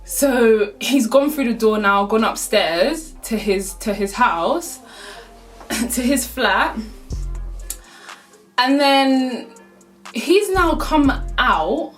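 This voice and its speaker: A woman's voice: a little high, animated, extremely slow, long pauses, a bit bright, soft background music. A young woman telling a casual storytime, full of slang and swearing, with laughs through the telling. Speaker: vlogger.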